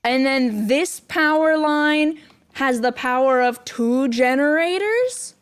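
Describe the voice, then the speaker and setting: A woman's voice: sits high, lively intonation, slow. A young woman streaming a building game, chatting with viewers in a goofy, self-mocking way and giggling often. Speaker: VTuber streamer. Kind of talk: casual game stream chat.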